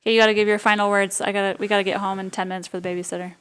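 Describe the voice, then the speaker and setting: A woman co-hosting a casual podcast chat, talking briskly and steering the conversation along. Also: mid-range voice, flat delivery, fairly bright tone, clean tone. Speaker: podcast co-host.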